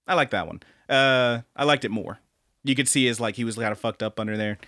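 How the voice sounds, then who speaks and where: A young man co-hosting a casual podcast, animated and profane, who acts out quoted lines in high, mocking voices. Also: fairly quick, dry recording, studio quality. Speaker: podcast co-host.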